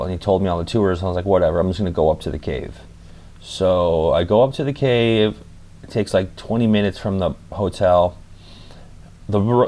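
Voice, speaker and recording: Laid-back swearing man telling a story. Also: lowish voice. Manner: loose, profane, slangy. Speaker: travel vlogger. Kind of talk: casual storytelling monologue.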